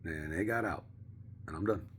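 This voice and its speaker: A man vlogging in a casual, rambling monologue, profane and slangy, sometimes dropping to a hush. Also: low voice, moderate pace, slight background noise.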